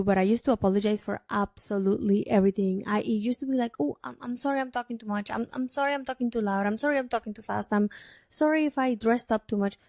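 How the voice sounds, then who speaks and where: Chatty woman podcast host, mellow voice. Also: mid-range voice, no room sound, clean studio sound. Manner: chatty and emphatic, talks straight to the listener. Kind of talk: casual solo podcast monologue.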